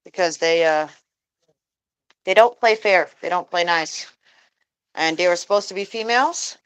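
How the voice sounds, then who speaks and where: A woman vlogger, sick with a lingering cold, chatting casually outdoors while tending her geese, dropping into high sing-song baby talk for them. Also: normal speed, clear, resonant tone, no echo, low-quality recording. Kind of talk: casual chat while doing chores.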